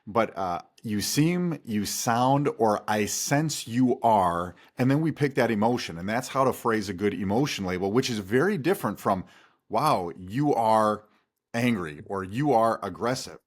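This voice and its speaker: A man who is a guest expert, giving calm, instructive answers in an interview. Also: on the low side, normal speed, hardly any pauses. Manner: calm, instructive, steady delivery.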